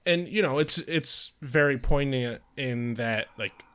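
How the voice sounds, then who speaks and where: A man's voice: mid-range voice, a bit bright, smooth. A man co-hosting a podcast, reviewing an episode in a casual, joking, chatty way. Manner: joking, chatty, quick asides. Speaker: podcast co-host.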